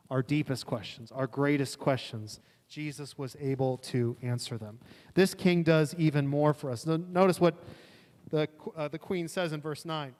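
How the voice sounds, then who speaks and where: A male pastor preaching a sermon in a relaxed, conversational way, acting out quotes in casual voices. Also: fairly high pitch. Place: church sanctuary. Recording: long church hall reverb.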